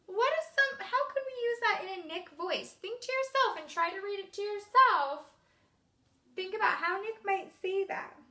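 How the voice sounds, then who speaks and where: High-voiced encouraging woman teacher. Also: moderate pace, bright, forceful tone, reverberant. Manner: encouraging, speaking to young students. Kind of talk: remote reading lesson for children.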